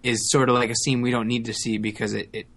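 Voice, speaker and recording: Male co-host, mid-pitched, halting delivery with frequent restarts, casual discussion. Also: little pitch movement, a bit bright. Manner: hesitant, restarts often, searching for words.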